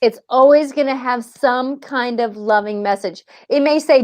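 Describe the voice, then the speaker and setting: A woman working as a spiritual medium, speaking in a panel discussion in an earnest, gently reassuring way and acting out the messages she quotes. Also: high voice, normal speed, hardly any pauses, dry recording.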